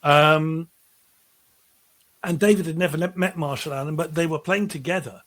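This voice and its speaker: A middle-aged musician telling animated, rambling anecdotes in a casual interview, restarting his sentences often. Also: on the high side, normal speed, a little hiss or hum. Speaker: musician guest.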